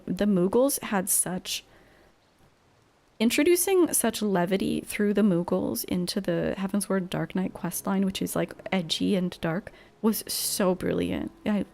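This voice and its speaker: A woman's voice: mid-range voice, creaky, darkish tone. A woman streaming a game, chatting casually and playfully, often correcting herself mid-sentence.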